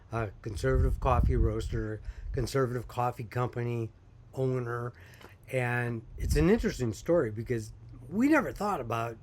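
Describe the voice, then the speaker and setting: A man's voice: medium pitch, slight background noise. Folksy, chatty small-business man. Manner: folksy, chatty, laughs while telling stories. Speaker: coffee company owner. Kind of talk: casual storytelling to camera.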